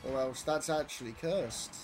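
A loud, excitable young British man who swears casually while commenting on his own speedrun. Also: medium pitch, moderate pace. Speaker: speedrunner streaming a racing game. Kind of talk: casual live commentary over gameplay. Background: game music and engine sounds.

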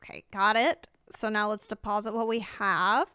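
A young American woman chatting excitedly while livestreaming a game, reading out chat and reacting with bubbly exclamations. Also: medium pitch, moderate pace, clean tone. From United States. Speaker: streamer. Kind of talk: live game commentary.

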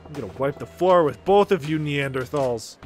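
A man voicing a smooth-talking male gangster, a bit playful and a bit menacing, with a slow, low, cocky drawl. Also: lively intonation, soft background music, natural voice.

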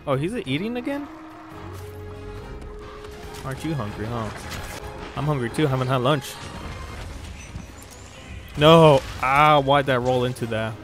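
A man commentating as he plays a game, excitable, exclaiming often and laughing a lot. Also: mid-range voice, unhurried, long pauses, over music. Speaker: gaming channel host. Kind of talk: live gameplay commentary.

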